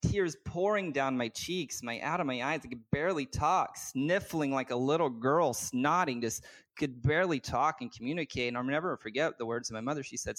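A man's voice: mid-range voice, normal speed, a bit bright. A man speaking as a guest business coach, telling a personal story earnestly and from the heart, with many filler words and restarts. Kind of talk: candid personal storytelling in conversation.

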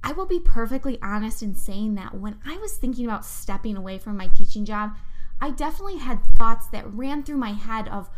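A woman's voice: a little high, animated, fairly quick. Enthusiastic woman hosting a motivational podcast. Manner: enthusiastic, heartfelt, speaks directly to listeners. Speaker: podcast host. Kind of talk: upbeat motivational podcast talk.

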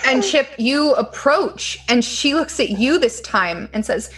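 A woman running a tabletop game as game master, calmly describing scenes. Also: high-pitched, unhurried, rough recording. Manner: calm, descriptive.

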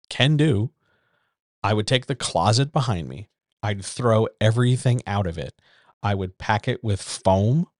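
A man with a fairly low voice delivers blunt advice full of rhetorical questions in a casual writers' chat hosted from a small home room. The dry, studio-quality recording comes from a decent USB-style desk microphone.

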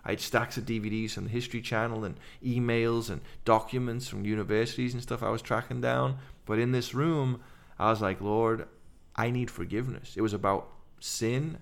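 Gravelly English man telling his story. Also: mid-range voice. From England. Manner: animated storytelling, fast run-on sentences. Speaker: podcast guest. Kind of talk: casual conversation.

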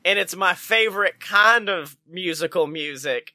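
A man's voice: fairly high pitch, measured pace, few pauses, pushed and bright, dry recording. A man co-hosting a casual podcast about theater, joking and swearing as he recaps a musical's plot. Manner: profane, joking, playful. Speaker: podcast co-host. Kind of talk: casual chat.

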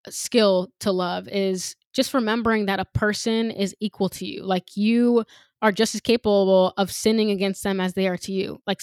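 A woman's voice: medium pitch, dry recording. Reflective woman podcast host, dry sound. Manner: reflective, thinks aloud with light laughs. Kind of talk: casual chat.

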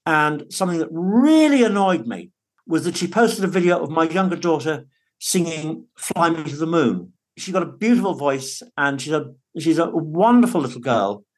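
A man talks as a guest in an interview, earnest and emphatic. His voice sits a little high for a man, and he often restarts his words as he goes. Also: animated, normal speed. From United Kingdom. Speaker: podcast guest, father. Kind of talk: conversational interview.

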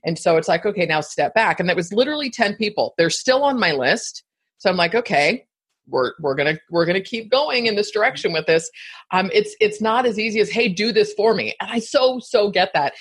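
A woman hosting a casual live-stream chat, talking in a quick, chatty way and laughing often. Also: mid-range voice, animated, slightly rough. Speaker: podcast host.

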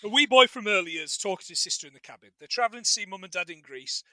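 A man co-hosting a casual film chat, animated and jokey, swearing freely. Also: high voice, rapid-fire, no room sound. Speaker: podcast co-host.

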